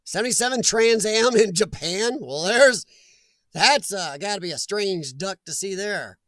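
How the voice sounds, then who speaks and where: Chatty high-voiced man streaming. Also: animated, measured pace, fairly bright tone, dry recording. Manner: chatty, laughs often, talks back to chat. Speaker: live stream host. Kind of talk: casual live-stream chat reading comments.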